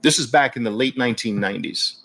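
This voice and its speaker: A man's voice: mid-range voice, fast, vocal fry, a bit bright. A man hosting a live online audio room, talking emphatically and mockingly and repeating phrases for effect. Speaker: host.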